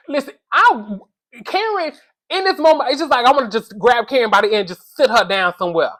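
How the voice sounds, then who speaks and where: Woman doing reality tv commentary, higher voice, scolding and exasperated, slangy, talks to y'all. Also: expressive, fairly quick, a bit bright. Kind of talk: casual comedic commentary to camera.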